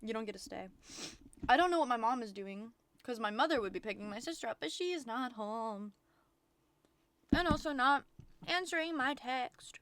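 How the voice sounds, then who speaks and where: Brief: woman streamer, fairly high voice, excitable rambling chat, dry close mic. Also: normal speed, no room sound. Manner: excitable, rambling, frequent swearing. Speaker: VTuber streamer. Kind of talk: casual livestream chat.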